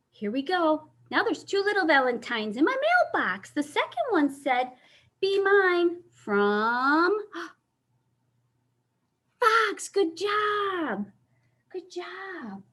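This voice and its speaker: A woman hosting a children's story time over a video call, reading a picture book aloud and asking the children questions. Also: sits high. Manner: animated, asks children questions.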